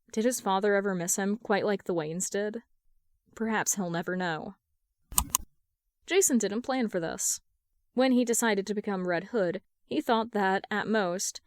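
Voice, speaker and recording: A woman narrating a fan fiction story aloud in an even, measured reading. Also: mid-range voice, dry recording, clean studio sound. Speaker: podfic reader.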